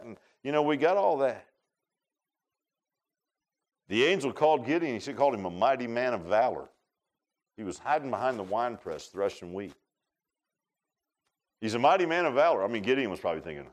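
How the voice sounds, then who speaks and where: A man preaching a sermon. He talks in an animated way and keeps asking the congregation short questions. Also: mid-range voice, fairly quick, pauses often. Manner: animated preaching with call-and-response asides. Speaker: pastor. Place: church sanctuary.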